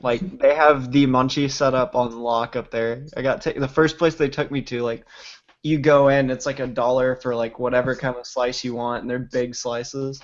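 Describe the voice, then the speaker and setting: A man's voice: medium pitch, level tone, moderate pace, highs cut off. A man with stuffed-up sinuses chatting casually on a livestream, rambling and swearing freely between laughs.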